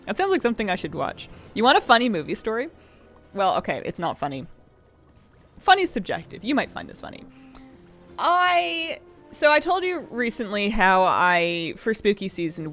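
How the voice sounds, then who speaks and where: A woman's voice: fairly low pitch, a bit bright. A young woman streamer chatting casually with viewers, telling rambling stories with laughs.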